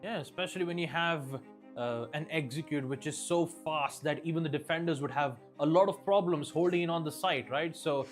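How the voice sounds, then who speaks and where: Analytical esports caster man, slightly high. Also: a little fast, faint music behind. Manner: analytical, hesitant with fillers. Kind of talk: esports color commentary.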